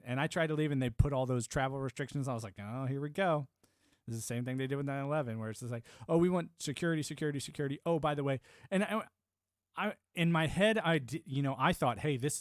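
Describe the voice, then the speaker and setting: A man's voice: medium pitch, no room sound, studio quality. A man from the United States streaming a casual, rambling monologue, emphatic and prone to repeating words as he restarts his thoughts.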